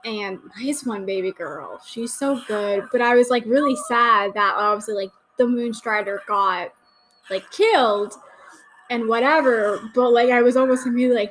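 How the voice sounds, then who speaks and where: A woman's voice: on the high side, normal speed, fairly bright tone, a little hiss or hum. A young woman hosting a casual fan watch-along podcast, chatty and gushing, with lots of fillers. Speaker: podcast host giving watch-along commentary.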